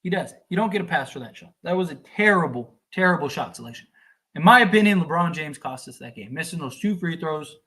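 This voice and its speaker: A man hosting a sports livestream, fuming and exasperated as he rants and recaps the game, sometimes shouting. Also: a little high, lively intonation, brisk. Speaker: sports podcast host.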